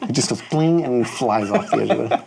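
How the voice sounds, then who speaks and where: A man's voice: medium pitch, normal speed, gravelly, crowd noise. A man playing a tabletop game, cracking jokes. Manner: wisecracking. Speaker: player.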